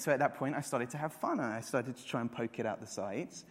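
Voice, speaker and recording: A man's voice: mid-range voice, animated, fast. A man in his thirties preaching a sermon, earnest, repeating words and rising to emphatic peaks. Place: church hall. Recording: long reverb of a church hall.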